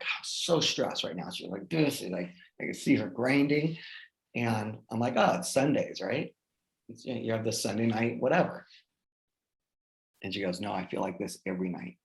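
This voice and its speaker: A man talking casually as a guest, telling personal stories in an animated way and often checking in with "right?". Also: lowish voice, fairly quick, vocal fry, poor audio. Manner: animated, lots of restarts and "right?" tags. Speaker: guest speaker. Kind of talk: casual conversational storytelling.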